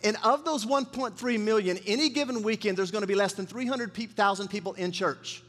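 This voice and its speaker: A man's voice: sits high, a little fast, fairly bright tone. A man preaching a sermon as pastor, speaking to the congregation and prompting it to answer back. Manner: call-and-response preaching with the congregation. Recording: reverberant church hall.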